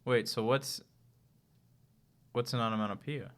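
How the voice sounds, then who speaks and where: A man's voice: mid-range voice, fairly even intonation, measured pace, a crowd in the background. A man co-hosting a casual podcast, goofing around with short teasing replies. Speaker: podcast co-host. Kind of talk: casual chat.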